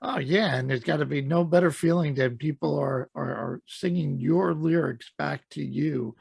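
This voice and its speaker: A man's voice: on the high side, normal speed, creaky, a little mellow, husky, no room sound. A man hosting a podcast radio show, chatting with a guest in an enthusiastic, promotional way. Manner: enthusiastic, promotional, many fillers. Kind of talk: casual interview chat.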